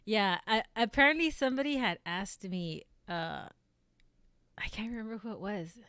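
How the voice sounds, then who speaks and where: A woman streamer who does amateur voice acting, chatting casually and rambling with many fillers and restarts in a fairly flat delivery. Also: normal speed, clear, resonant tone, no room sound, studio quality. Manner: flat, low-emotion delivery. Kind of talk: casual live-stream chat.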